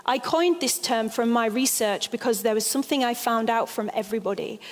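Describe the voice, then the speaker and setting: Woman telling stories in a stage talk, fairly high voice, long hall echo. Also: fairly quick. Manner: expressive, animated storyteller. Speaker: expert speaker on altered states.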